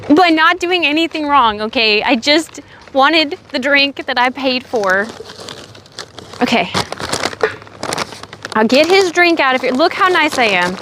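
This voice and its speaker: A young woman from Oregon chatting with her live chat while out in a windy park. She says she is sick and low on energy, but she keeps talking with a sassy edge. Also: animated, unhurried, long pauses. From Oregon, USA. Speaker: livestreamer. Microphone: phone on a selfie stick.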